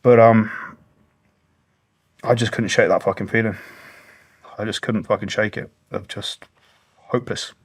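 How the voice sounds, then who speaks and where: A man's voice: lowish voice, steady tone, unhurried, pauses often, breathy edge. A British man in his thirties telling his story in an interview, blunt and intense, swearing heavily. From Britain. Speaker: guest, former special forces soldier.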